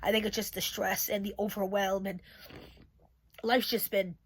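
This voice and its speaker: A woman's voice: medium pitch, little pitch movement, normal speed, slightly rough. A woman who is a special education teacher, giving a casual, candid channel update and talking straight to her viewers. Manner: candid, rambling, talks to viewers directly.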